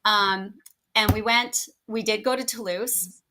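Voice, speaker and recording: Bright, chatty woman. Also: mid-range voice, fairly even intonation, slow pace, low-quality recording. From Canada. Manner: chatty and effusive, with frequent restarts. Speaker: guest teacher. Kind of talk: casual podcast chat.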